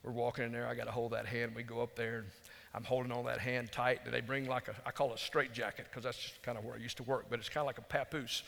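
A man preaching a storytelling sermon in a folksy, conversational way, dropping to hushed tones for emphasis. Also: medium pitch, little pitch movement, quick pace, gravelly. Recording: long hall reverb.

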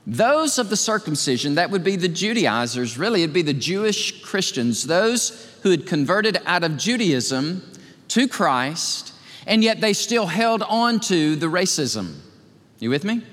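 Pastor preaching, high lively voice, hall echo. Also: male voice. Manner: animated preaching, acting out voices with big pitch swings. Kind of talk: sermon. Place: church sanctuary.

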